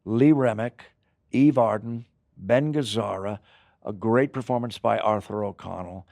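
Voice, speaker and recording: Older guy rambling through showbiz stories, gravelly voice, dry close sound. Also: lowish voice, a little slow, no echo. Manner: animated, rambling storyteller. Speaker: actor guest. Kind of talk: casual interview chat.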